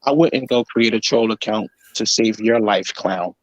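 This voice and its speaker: A man's voice: lowish voice, unhurried, no room sound, dull audio. Blunt, cursing New man ranting. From New York. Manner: blunt, heated, profanity-laced ranting. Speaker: host. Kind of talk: casual profane reaction chat.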